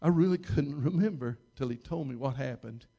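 A male pastor telling a story from the pulpit in a mid-range voice. He rambles, restarts his sentences and repeats little words. He pushes up in pitch and volume when he stresses a point. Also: normal speed, dark tone, muffled recording. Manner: emphatic, rising in pitch and volume at key moments. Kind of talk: storytelling sermon.

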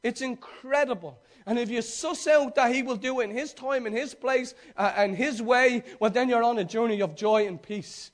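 A man's voice: extremely high pitch, moderate pace, few pauses. A male preacher giving a sermon, retelling a story with emphatic repetition and direct questions to the congregation.

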